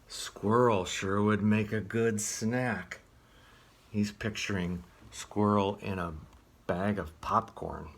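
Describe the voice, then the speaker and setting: A man reading a picture book aloud as a children's librarian, gently asking the listener questions. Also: deep voice, breathy edge.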